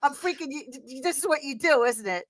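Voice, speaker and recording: A middle-aged woman with a thick New York accent talks in a high voice. She rambles along in animated casual chat, full of fillers. Her voice sounds dry and close. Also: quick pace, no room sound, poor audio. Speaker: guest.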